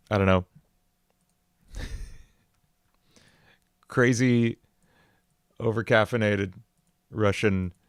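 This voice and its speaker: A man's voice: on the low side, smooth, no room sound. A man hosting a casual music livestream, talking in a rambling way with many fillers and laughing easily.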